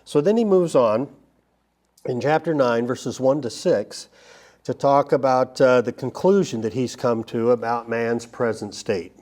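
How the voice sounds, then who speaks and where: A man's voice: mid-range voice, a little mellow. A man teaching a Bible study lesson, talking it through loosely with frequent restarts and fillers. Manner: halting, many restarts and fillers.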